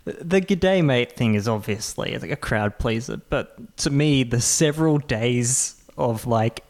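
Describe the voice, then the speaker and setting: A man co-hosting a comedy podcast, offering halting, giggly commentary. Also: mid-range voice, a little mellow. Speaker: podcast co-host.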